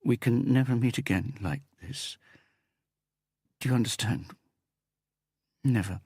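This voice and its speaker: A man's voice: medium pitch, animated, a little slow, darkish tone, slightly rough, dry recording, studio quality, voice pushed up. A man voicing a distraught young woman who is tearful and pleading. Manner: pleading, trembling.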